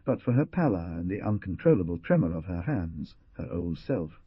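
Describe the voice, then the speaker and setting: A man narrating an audiobook with expressive, dramatic delivery, heard with a dull lo-fi sound. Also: sits low, normal speed, husky, no room sound. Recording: dull lo-fi dry recording.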